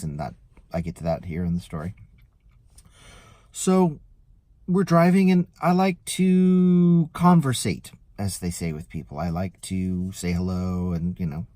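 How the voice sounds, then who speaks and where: A man, a rideshare driver, telling a story in a casual vlog in a chatty, animated way. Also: sits low. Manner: chatty, animated retelling with lively quoted voices.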